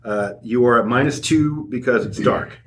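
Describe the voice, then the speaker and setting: A man game master narrates a tabletop session in a loose, rambling way. His voice sits at a middle pitch, and the recording is roomy and echoing. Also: normal speed, a bit bright, a little hiss or hum. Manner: loose and rambling, with many restarts.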